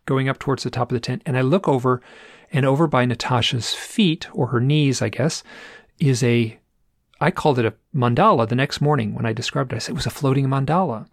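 Guy with a gravelly voice rambling thru a story, dry close sound. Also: medium pitch, dry recording. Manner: rambling, with restarts and repeated phrases. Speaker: guest telling an experience. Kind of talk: casual storytelling.

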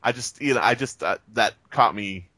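A man's voice: medium pitch, normal speed, dry recording. A man co-hosting a podcast, cracking dry jokes in a casual chat. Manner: dry joking, animated. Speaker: podcast co-host and reader.

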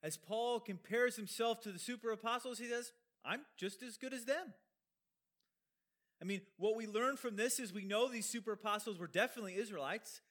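A man's voice: high-pitched, fast, few pauses, fairly bright tone. A man preaching an expository sermon, explaining a Bible passage with emphatic rhetorical questions and conversational asides.

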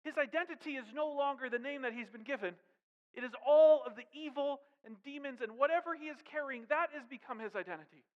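A man with a high voice delivers a lively sermon, tossing in jokes and questions to his listeners. His voice rings with a long reverb, as if recorded in a big hall. The sound is dull and muffled. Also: brisk. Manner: animated preaching with asides and humor. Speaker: pastor.

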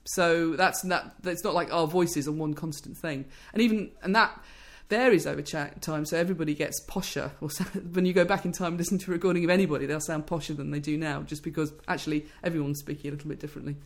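Researcher guest, woman, low voice, thoughtful, fluent, many restarts. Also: steady tone, fast talker, hardly any pauses. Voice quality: low-pitched voice. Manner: thoughtful, fluent with frequent restarts and "you know". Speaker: speech scientist guest. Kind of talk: interview, explaining research.

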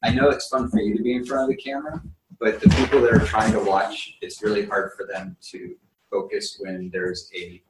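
A man with a lowish voice leads a Bible study class, chatting loosely and stopping often for an um or a restart. He is picked up from across a very echoey room, with faint noise behind. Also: flat delivery, a little fast, far from the mic. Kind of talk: casual class teaching. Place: room with a group, also streamed online.

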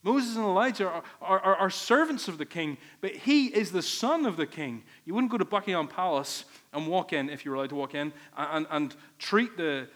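A man's voice: high-pitched, expressive, normal speed, hardly any pauses, fairly bright tone. A man preaching a sermon, earnest and emphatic, leaning on repeated phrases. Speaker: pastor.

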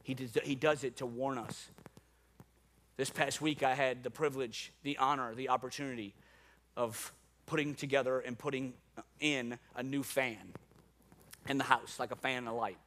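A pastor preaching a sermon, telling a funny personal story with self-mocking asides and many repeated "no joke" remarks. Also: male voice, medium pitch, fairly even intonation, moderate pace, pauses often, fairly bright tone.

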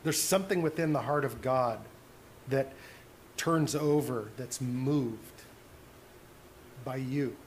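A man preaching a sermon as pastor, earnest, dropping to soft hushed tones on tender points. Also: medium pitch, slow, pauses often, slight background noise.

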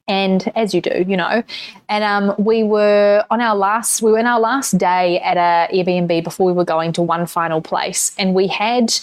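A woman's voice: on the low side, clear, resonant tone, no echo. A woman with a New Zealand accent hosting a solo podcast, telling a personal story candidly in casual talk and swearing freely. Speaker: podcast host.

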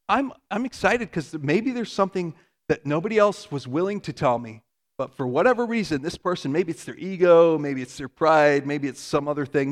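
A man with a fairly high voice preaches a sermon. He talks casually and earnestly, as if chatting with the congregation. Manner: conversational, earnest, with asides and laughs. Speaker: pastor.

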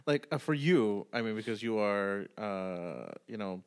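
A man's voice: lowish voice, expressive, unhurried, clear, resonant tone. A man interviewing a guest, reacting briefly and asking questions with hesitant fillers. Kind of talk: casual interview.

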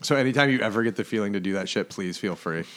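Podcast co-host, man in his thirties, loose and profane, quick to laugh. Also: fairly low pitch, fairly bright tone. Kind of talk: casual chat.

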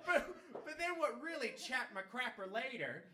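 A man's voice: extremely high pitch, moderate pace. A man telling a long, funny anecdote in casual chat, swearing freely and laughing as he goes. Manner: animated, swears freely, laughs mid-story. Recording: roomy sound from a distant mic.

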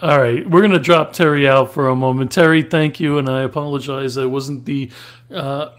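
A man's voice: mid-range voice, fairly even intonation, brisk. Male podcast host, mid-range voice, easygoing casual chat. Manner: easygoing, laughs often.

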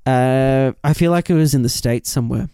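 A man's voice: medium pitch, moderate pace, dark tone, clear, resonant tone, dry recording, studio quality. An Australian man co-hosting a podcast in casual chat, laid-back, with lots of "dude" and "like" and free swearing. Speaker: podcast co-host.

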